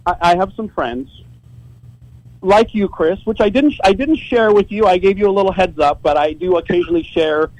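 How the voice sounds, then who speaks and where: A man's voice: sits high, normal speed, darkish tone, no room sound, rough recording. A man telling a story as a guest on a podcast, casual and profane, often stumbling and repeating words as he starts a sentence.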